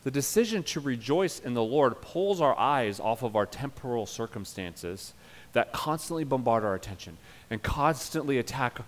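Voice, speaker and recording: A male pastor preaching a sermon, emphatic, swinging from loud urging to quiet earnest passages. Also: medium pitch, big-room sound.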